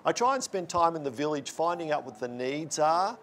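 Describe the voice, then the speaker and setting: A man's voice: a little high, very animated, a little fast, fairly bright tone, slight background noise. A man interviewed as a guest, speaking in an earnest, explanatory way. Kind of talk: casual interview talk.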